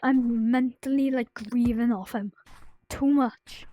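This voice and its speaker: A woman talking to her viewers in a personal vlog, grieving and close to tears, in a sad voice that halts, restarts and slips into soft whispers. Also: on the high side, fairly even intonation, poor audio. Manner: halting, full of restarts and fillers, drifting into soft whispers. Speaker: vlogger.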